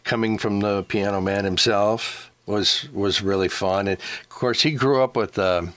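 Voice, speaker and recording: A man's voice: lowish voice, steady tone, a little slow, a bit bright, no echo. An older man from the Seattle area, a former radio DJ, telling casual stories in an interview and rambling with many restarts. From Seattle area, USA.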